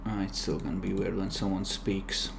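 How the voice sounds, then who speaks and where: A man running an online tabletop game as game master, joking and relaxed, swearing casually, heard over noisy voice chat. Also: low voice, normal speed, creaky.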